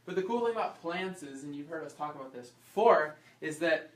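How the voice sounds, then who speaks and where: A chiropractor teaching an informal health class, quizzing the audience and acting out small scenes. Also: male voice, a little high, fairly quick, slight background noise. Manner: lively, asks the audience questions and acts out little scenes. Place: class room. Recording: echoey room, voice from far off.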